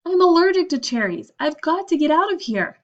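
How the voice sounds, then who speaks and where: Frantic, wailing storybook schoolgirl, voiced by a woman; high and shrill, slightly muffled. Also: sing-song, brisk. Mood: panicked. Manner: wailing, panicky. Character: frantic, dramatic sixth-grade girl.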